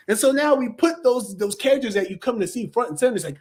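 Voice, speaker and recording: A man in his thirties giving a casual, animated movie review, full of slang, fillers and mocking impressions of critics. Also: high voice, fast talker, hardly any pauses.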